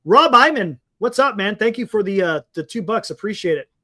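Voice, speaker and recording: High-voiced man on sports talk. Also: animated, a little fast, sharp tone. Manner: chatty, reads out viewer comments, repeats himself. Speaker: sports talk show co-host. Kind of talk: casual sports talk with live chat.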